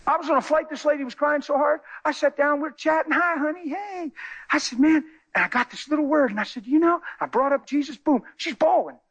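A man's voice: extremely high pitch, quick pace, hardly any pauses, a bit bright. A man preaching a sermon, telling stories animatedly and acting out the people in them. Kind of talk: sermon with storytelling.

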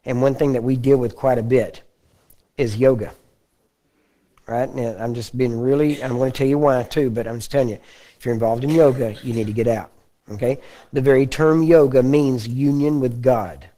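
Texan guy preaching, laid back folksy sermon, warm mellow tone. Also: mid-range voice, fairly even intonation, moderate pace. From Texas. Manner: folksy, conversational, frequent throat-clearing.

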